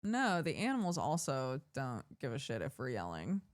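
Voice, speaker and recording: Animated woman streamer, lively swooping voice. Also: rumbling low, moderate pace. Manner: animated storytelling with loud yelled bits and laughter. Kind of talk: casual chat.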